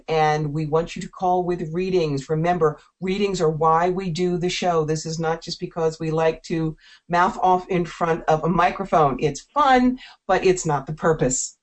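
A woman from South Jersey hosting a call-in radio show, talking in a brisk, playful, chatty way. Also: on the low side. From South Jersey, USA.

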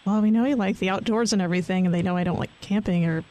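Casual chat, cancer survivor, mid pitch, fillers and restarts. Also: rapid-fire, darkish tone, low-quality recording. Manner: chatty, with frequent fillers and restarts.

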